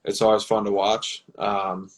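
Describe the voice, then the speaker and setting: A man, a football team's personnel director, answering interview questions in a measured, explanatory way. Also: on the low side, level tone, rough recording. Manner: measured, explanatory, with many fillers.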